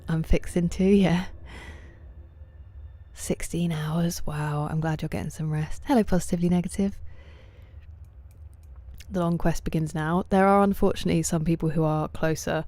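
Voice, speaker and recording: A woman livestreaming a game late at night, casually answering viewers' chat messages by name and often slipping into a soft half-whisper. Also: sits low, steady tone, moderate pace.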